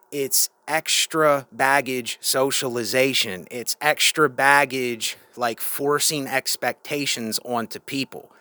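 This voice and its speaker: A man's voice: medium pitch, pushed and bright, dry recording. A man giving a frank, opinionated monologue in a casual vlog, often restarting and asking rhetorical questions. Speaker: vlogger.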